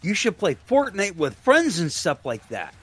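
Male co-host, animated and jokey, swings his pitch a lot over faint music. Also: moderate pace, breathy edge. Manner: animated, jokey self-promotion. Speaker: podcast co-host. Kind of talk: casual wrestling radio banter.

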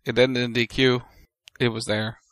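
A man's voice: medium pitch, flat delivery, normal speed, a bit bright, dry recording. A man co-hosting a casual wrestling recap, giving brief matter-of-fact summaries. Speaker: podcast co-host.

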